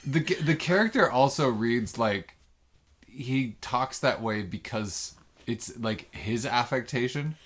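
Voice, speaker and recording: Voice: mid-range voice, lively intonation, slow pace. A podcast co-host in casual chat, hesitant, with many restarts and the odd silly voice.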